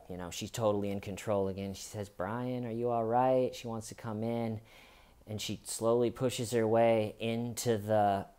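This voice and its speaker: A man hosting a podcast, telling a true crime story in a deliberate, dramatic way with long pauses. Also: on the low side, darkish tone, clear, resonant tone. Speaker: podcast host.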